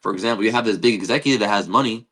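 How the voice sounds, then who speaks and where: Fast-talking man telling a lively story. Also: fairly low pitch. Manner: animated, retells scenes with quoted dialogue, swears casually. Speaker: podcast guest, game creator. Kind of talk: casual storytelling chat. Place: live-streamed podcast studio.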